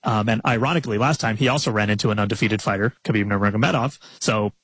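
A man breaking down fight bets and model numbers in a casual, animated podcast chat. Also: on the low side, fast talker, slightly rough, rough recording. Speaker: betting analyst.

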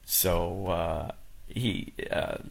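A man's voice: deep voice, extremely slow, creaky, breathy edge. A man on a radio talk show, speaking casually with many restarts and fillers, emotional as he recalls a funeral.

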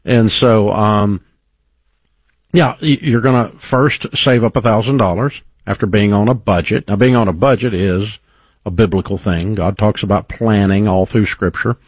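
Guy hosting a call-in advice show, kinda low husky voice, dry studio sound, encouraging preachy tone. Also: normal speed, dry recording. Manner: encouraging, folksy, faith-based coaching with fillers. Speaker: radio show host.

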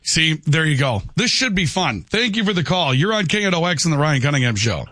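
A man's voice: a little high, big pitch swings, fairly quick, pushed and bright, no echo, clean studio sound. A man hosting a call-in radio talk show, talking conversationally and often tossing in "okay". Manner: conversational, peppers lines with "okay". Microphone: studio microphone.

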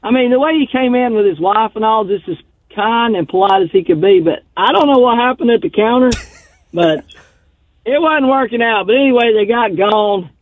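A man calls in on a thin, tinny phone line. His voice sits high for a man, and he tells his story in a folksy, rambling way. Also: normal speed, no room sound. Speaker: radio caller. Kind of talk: casual storytelling on a call-in show.

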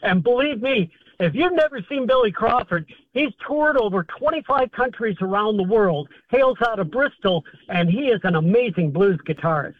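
A man's voice: sits high, animated, moderate pace, hardly any pauses, dry recording. A man, a festival volunteer, eagerly promoting an event during a phone interview. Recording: tinny phone line.

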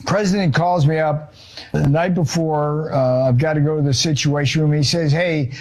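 A male author and economist, a guest on a talk show, telling an animated story and acting out quotes, with casual swearing. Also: a little high, normal speed.

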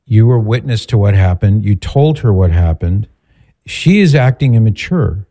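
Male call-in host; calm, counseling; deep, warm tone. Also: moderate pace. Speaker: radio show host. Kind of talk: call-in radio talk.

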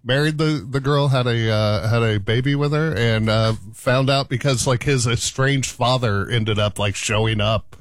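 A man's voice: mid-range voice, moderate pace, few pauses, no room sound. Man telling a coworker story. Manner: anecdotal storyteller. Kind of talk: casual chat.

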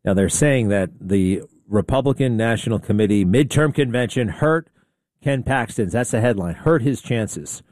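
A man runs an opinionated talk radio monologue, blunt and sarcastic, and often excitable. His voice sits at a middle pitch and sounds dry and close to the mic. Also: moderate pace, dry recording.

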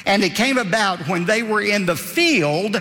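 A man's voice: high-pitched, animated, measured pace, sharp tone, soft background music. An older man pastor delivering an emphatic sermon, lifting his voice when quoting scripture. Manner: emphatic preaching, rising for quotes. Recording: long hall reverb.

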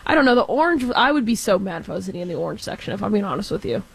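A young woman from Texas chatting about sports at a middle pitch. Her talk is loose and full of fillers, and she speaks in a casual, friendly way. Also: sing-song, racing, creaky, husky, poor audio. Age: 20s.

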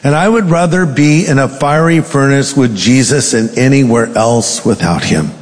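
A man's voice: medium pitch, normal speed, long reverb tail. A male pastor preaching a sermon, reading scripture aloud with dramatic emphasis.

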